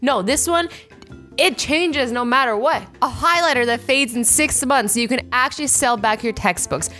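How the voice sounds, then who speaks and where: A bubbly young woman in her twenties chatting through a casual reaction vlog from home, acting out little scenes as she goes. Her voice sits fairly high, and soft music plays faintly behind her. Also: moderate pace. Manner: bubbly and animated, acts out little quoted scenarios. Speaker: YouTuber reacting to invention ideas.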